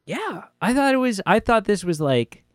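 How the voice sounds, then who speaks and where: A man's voice: high-pitched, big pitch swings, moderate pace, no echo, studio quality. A man with a Canadian accent co-hosting a casual film review podcast, rambling and joking with many fillers. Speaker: podcast co-host.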